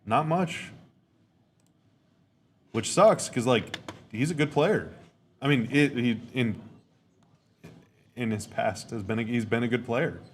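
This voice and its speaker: A man's voice: medium pitch, measured pace, pauses often, a little hiss or hum. A man hosting a podcast, giving casual live reactions to a game, rambling, repeating himself and stating blunt opinions. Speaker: podcast host.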